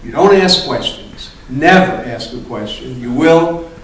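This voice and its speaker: A man coaching an improv acting class, animated and punchy, often cursing and punctuating points with "boom". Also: a little slow. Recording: echoey room from far off, faint ambience.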